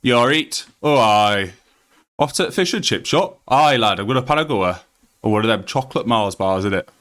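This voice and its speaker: A man doing a loud, jolly broad Yorkshire bloke. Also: mid-range voice, expressive, normal speed, natural voice. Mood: jovial. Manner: loud, jovial, exaggerated dialect. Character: hearty broad-spoken northern English man.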